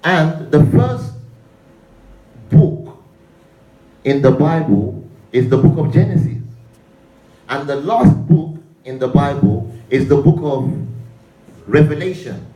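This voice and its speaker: A man's voice: a little high, animated, slow pace, long pauses, warm tone, echoey room, lo-fi sound. A male pastor preaching a sermon, leading the congregation in call-and-response and repeating his phrases.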